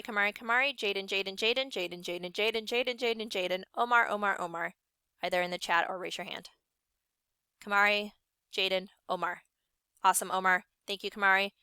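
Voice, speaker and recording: A young woman science teacher running an online class, upbeat and encouraging, briskly calling on students by name. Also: medium pitch, pushed and bright, smooth, no echo.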